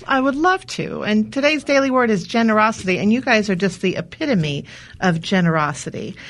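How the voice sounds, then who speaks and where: A woman guest on a talk show, reading an inspirational devotional in a measured way with slow emphasis. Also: medium pitch, fairly bright tone.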